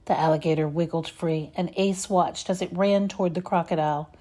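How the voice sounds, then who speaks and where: Lady reading a kids' storybook, mellow, kinda breathy. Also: lowish voice, fairly even intonation, fairly quick. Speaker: reader.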